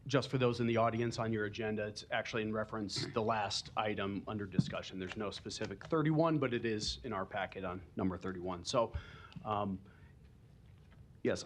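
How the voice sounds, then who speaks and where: A man from the planning department briefing a board at a public meeting, explaining steps with frequent ums. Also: mid-range voice. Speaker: planning department staff member. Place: council chamber.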